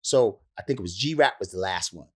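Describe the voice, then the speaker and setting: Animated New man telling a story. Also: lowish voice, brisk, slightly rough. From the Bronx, New York. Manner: profane, acts out voices, laughs often. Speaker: rapper interview guest.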